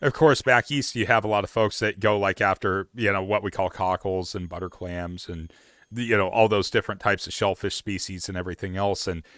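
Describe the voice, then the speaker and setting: A man's voice: deep voice, fairly even intonation, fairly quick, a bit bright, dry recording, studio quality. A man hosting a casual outdoors livestream, rambling with lots of fillers and restarts. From Oregon. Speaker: livestream host.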